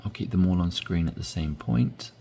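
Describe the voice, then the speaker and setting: A man teaching English conversation, modeling phrases slowly with deliberately stressed inflection. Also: deep voice, steady tone, warm tone. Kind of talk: language lesson, reading dialogue aloud.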